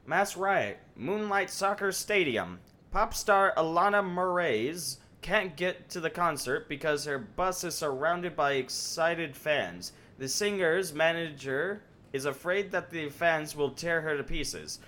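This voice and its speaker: A man's voice: on the high side, lively intonation, slow pace, sharp tone. A young man casually commenting on his gameplay during a live stream, joking and rambling to himself as he plays. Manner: joking, rambling, talks to himself while playing. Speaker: game streamer. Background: faint game music.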